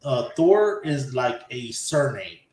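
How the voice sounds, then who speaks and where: A man hosting a podcast, recapping an anime episode in a casual, animated way and acting out characters' lines. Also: mid-range voice, slow, roomy sound. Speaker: podcast host.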